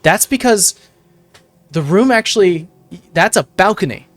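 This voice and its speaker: A man's voice: high-pitched, animated, a little slow. A man as game master, describing a tabletop game scene with many fillers and self-corrections.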